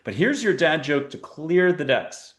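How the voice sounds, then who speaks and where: A man's voice: a little high, very animated, measured pace, a bit bright. Man, show host, playful, rambling, guides a meditation. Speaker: podcast host. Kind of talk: casual guided meditation chat.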